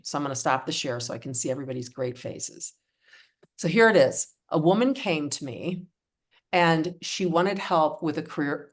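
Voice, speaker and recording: A woman leads a live online coaching workshop in a notably low voice. She talks in an upbeat, encouraging, chatty way, heard through a video call.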